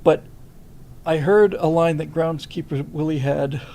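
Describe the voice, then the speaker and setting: Man, host, very gravelly, slightly high voice, casual rambling anecdotes. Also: steady tone, a little slow, warm tone, poor audio. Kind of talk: casual livestream chat.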